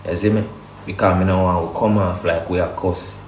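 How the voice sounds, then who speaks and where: A man's voice: low-pitched, fairly even intonation, a little fast, a little hiss or hum. A man with a Jamaican accent, ranting on a livestream in a heated, defensive way, often asking rhetorical questions. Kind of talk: heated casual rant. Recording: echoey room.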